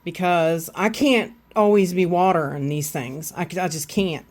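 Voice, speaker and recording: A middle-aged woman with a Southern US accent talks through her shelves indoors at home, recorded on a handheld phone. Her voice sits a little low, and she rambles in an easy, chatty way, full of fillers and restarts. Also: moderate pace, a little mellow. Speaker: orchid vlogger. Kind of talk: casual walkthrough of her plants.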